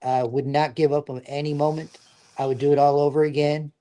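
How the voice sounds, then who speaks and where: A man's voice: fairly high pitch, flat delivery, a little fast, warm tone. A middle-aged man, a veteran guest, telling his stories in a casual, earnest, plain-spoken way. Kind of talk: casual storytelling.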